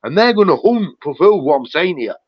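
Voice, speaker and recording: A man in the middle of a heated livestream rant, his voice sitting a little higher than most men's. He swears often and circles back over the same points. The sound is dull and lo-fi, with a dry, close feel and no room around it. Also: big pitch swings, brisk, no room sound. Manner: angry, profane, repetitive ranting. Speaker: livestream host.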